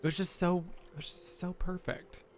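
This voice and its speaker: A man's voice: high voice, level tone, normal speed, slight background noise. A young man streaming a game reaction, gushing and exclaiming with frequent laughs. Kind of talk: excited reaction commentary.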